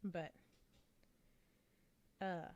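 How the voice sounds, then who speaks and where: A woman streamer who does amateur voice acting, chatting casually and rambling with many fillers and restarts in a fairly flat delivery. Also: extremely slow, dry recording, highs cut off. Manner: flat, low-emotion delivery. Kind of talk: casual live-stream chat.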